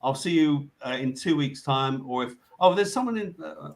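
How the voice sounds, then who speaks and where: A man hosting a live online show, talking casually and haltingly with lots of fillers as he signs off. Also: fairly high pitch, lively intonation, creaky. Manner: rambling, halting, many fillers and restarts. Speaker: show host. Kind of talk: casual live-stream sign-off chat.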